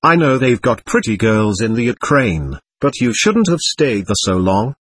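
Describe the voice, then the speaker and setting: A man's voice: mid-range voice, sing-song, normal speed, fairly bright tone, slightly rough, no echo. A man voicing a weary, grumbling frontline soldier. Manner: grumbling, offhand.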